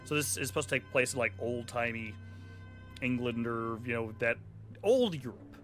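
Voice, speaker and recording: A man's voice: medium pitch, normal speed, fairly bright tone. A man streaming a video game, chatting casually and joking, sometimes slipping into silly accents. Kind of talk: casual gameplay commentary. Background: game music.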